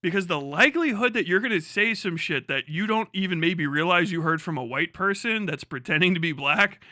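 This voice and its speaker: An American man on a live stream, ranting with lots of swearing, swinging between shouting and muttering. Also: high-pitched, lively intonation, a little fast, no room sound, studio quality. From United States. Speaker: livestreamer. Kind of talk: profane rant on a live stream.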